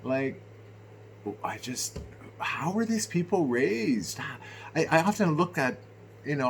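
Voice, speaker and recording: Venting to camera without a script, a middle-aged man from Canada grows animated and indignant, his low musings building into loud, exasperated bursts. He's a vlogger, and there's a slight hiss or hum on the recording.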